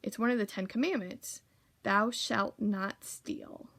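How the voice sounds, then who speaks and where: A steady, practical boy , read by a woman in her own voice, working through clues deliberately. Her voice has a light gravel to it. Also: mid-range voice, heavily acted.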